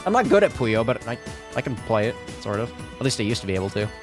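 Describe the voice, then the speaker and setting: A man's voice: lowish voice, sing-song, fast talker, music in the background. Rambling, stammering man streamer. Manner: rambling, stammering, swears casually. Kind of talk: casual gameplay commentary.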